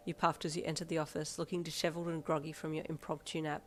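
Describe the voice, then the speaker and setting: A woman narrates a second-person fanfiction in a steady, plain reading voice that sits a little low. Faint music plays behind her. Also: quick pace.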